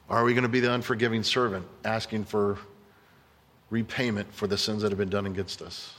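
A man's voice: medium pitch, a bit bright, big-room sound. A man preaching a sermon as a pastor, telling a story earnestly and emphatically to his congregation. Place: church sanctuary.

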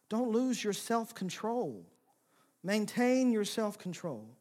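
Male pastor, higher pitched, expressive sermon delivery with rhetorical questions. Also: unhurried. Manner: expressive preaching, swings from emphatic to soft, rhetorical questions.

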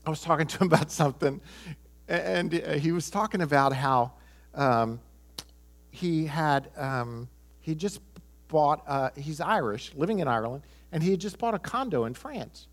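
An American man in middle age preaches with emphasis, driving points home by saying them twice. His voice sits a little high for a man, and he slips in a chuckle and short asides. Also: normal speed. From United States. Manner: emphatic, repeats key phrases, chuckles, quotes people in voices. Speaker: pastor. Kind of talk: sermon.

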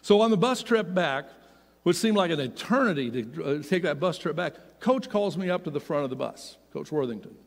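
Middle-aged preacher guy telling his story, big swings loud to quiet, echoey church hall. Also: on the high side, lively intonation, brisk, gravelly. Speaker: pastor. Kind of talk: sermon storytelling. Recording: long hall reverb.

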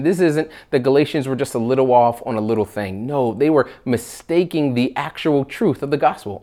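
Man preaching an earnest sermon. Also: on the high side. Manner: earnest, rises in volume when reading scripture. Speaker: pastor.

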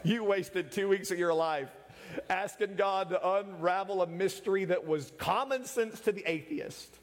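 A man's voice: sits high, unhurried, slight background noise. A man preaching a humorous sermon, joking and teasing his listeners and laughing often as he goes. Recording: echoey hall with long reverb.

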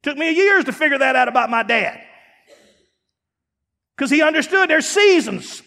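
A man pastor preaching a sermon in a folksy, emphatic way, dropping now and then to quiet asides. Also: extremely high pitch, lively intonation, moderate pace, creaky, big-room sound. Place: church sanctuary.

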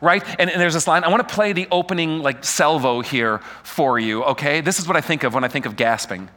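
A man preaching a sermon, animated and full of rhetorical questions aimed at the congregation. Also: a little high, brisk, a little hiss or hum.

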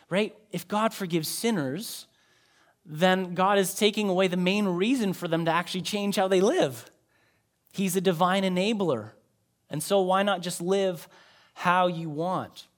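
A pastor with a high voice delivers a sermon in a relaxed, talking-it-through way. He moves between emphatic, louder lines and soft, low asides. He is a man speaking to his congregation. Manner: conversational preaching, emphatic rises and quiet drops.

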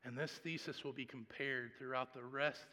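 A man preaching a sermon and telling a personal story, swinging between hushed, quiet passages and loud, animated ones. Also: medium pitch, moderate pace, long reverb tail. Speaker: pastor.

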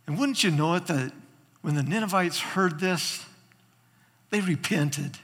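A man preaching a sermon as a pastor, retelling a story with animated, acted-out quotes. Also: high-pitched, measured pace, husky, long reverb tail.

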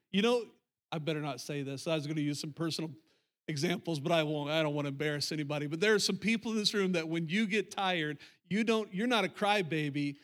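Speaking to his congregation from the church sanctuary, a middle-aged pastor preaches in a slightly high, somewhat bright voice. His delivery is conversational, with phrases repeated for emphasis.

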